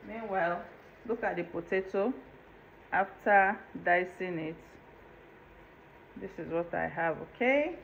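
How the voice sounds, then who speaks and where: A woman's voice: fairly low pitch, slow, gravelly, pauses often. A woman hosting a home cooking tutorial, explaining each step in a chatty way and checking in with the viewer. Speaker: cooking channel host. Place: home kitchen. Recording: dull lo-fi home video with faint room noise.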